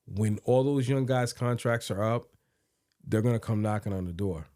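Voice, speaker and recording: A man's voice: on the low side, normal speed, a little mellow, no room sound, studio quality. A man co-hosting a podcast, chatting casually about sports and often repeating words as he thinks aloud. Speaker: podcast co-host.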